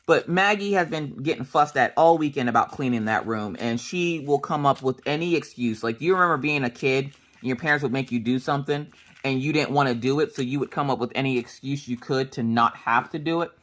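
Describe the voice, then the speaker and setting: A woman's voice: extremely low pitch, a little fast. A woman in her thirties chatting casually while she crafts, rambling through family stories and acting out the dialogue. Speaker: crafting vlogger.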